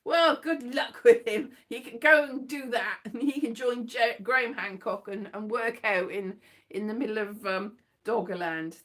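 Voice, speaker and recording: A woman's voice: fairly high pitch, a bit bright. A woman chatting casually in a rambling, jokey way, often laughing and restarting her sentences. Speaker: host. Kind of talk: casual chat.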